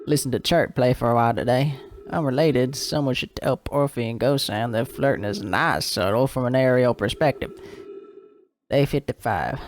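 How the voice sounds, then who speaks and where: A man's voice: medium pitch, slight background noise, lightly acted. A man doing a drawling lonely moon lookout. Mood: uneasy. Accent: put-on rural drawl. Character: lonely alien lookout keeper on a moon, wry. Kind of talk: reading game dialogue aloud.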